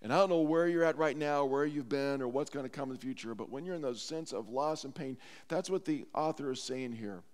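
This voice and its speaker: A man's voice: mid-range voice, brisk, hardly any pauses. A man preaching a sermon as pastor, earnest and heartfelt, in a church sanctuary. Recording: long church hall reverb.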